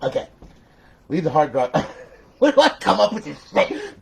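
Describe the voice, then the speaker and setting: A man giving a casual gameplay tutorial, rambling and swearing, who breaks into loud trash talk at other players. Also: sits high, very animated, normal speed, vocal fry. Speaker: console modder demoing a modded console.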